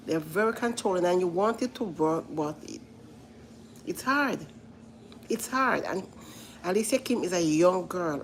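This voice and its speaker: A woman's voice: on the low side, creaky, darkish tone, a little hiss or hum, low-quality recording. A woman giving casual commentary to live viewers, earnest and repetitive, often stopping to say listen. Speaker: vlogger reacting to a reality show.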